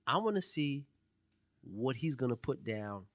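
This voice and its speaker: A man co-hosting a casual podcast chat, animated and teasing, dropping into low emphatic tones to make his point. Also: a little slow, no room sound. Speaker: podcast co-host.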